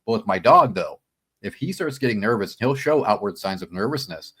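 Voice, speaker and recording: A man telling a story as a podcast guest in casual chat, animated, acting out his own quotes and peppering talk with "man" and "dude". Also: lowish voice, a little fast, slightly rough.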